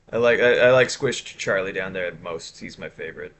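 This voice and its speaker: A man's voice: sits low, a little fast, few pauses, a bit bright, a little hiss or hum. A man streaming live, chatting casually and rambling with chat while showing his art. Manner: rambling, chatty, self-interrupting.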